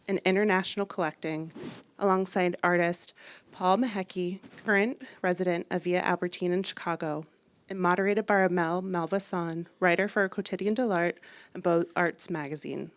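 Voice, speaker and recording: A woman reading a prepared welcome announcement at a live event in an even, steady way. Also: lowish voice. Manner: reads prepared remarks evenly. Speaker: event host. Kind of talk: scripted announcement.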